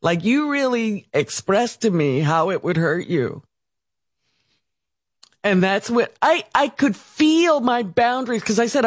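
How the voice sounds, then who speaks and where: Older lady co-host telling a story, lively up-down voice, acts out the quotes. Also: medium pitch, slow, no room sound, clean studio sound. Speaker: radio co-host. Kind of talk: candid talk-show conversation.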